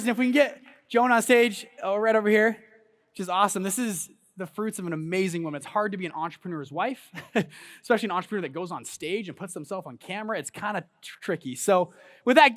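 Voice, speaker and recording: Man, 30s, high-pitched voice, animated motivational speaker in a big hall. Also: fast talker. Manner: storytelling, animated, hypes the crowd. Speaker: conference speaker. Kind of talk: motivational stage talk. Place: large event hall on stage.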